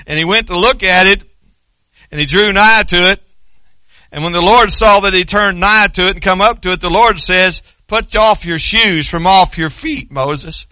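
Bright-voiced fervent preacher man. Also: high voice, no echo, studio quality. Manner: folksy, rising to shouted fervor. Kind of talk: sermon.

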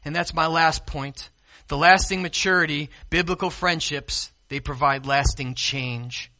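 A high, bright-toned man delivers a sermon as pastor. He drops to hushed, quiet passages, then climbs to loud, emphatic peaks. He keeps asking his listeners questions. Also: unhurried. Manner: preaching with big swings from quiet to loud; asks the congregation questions.

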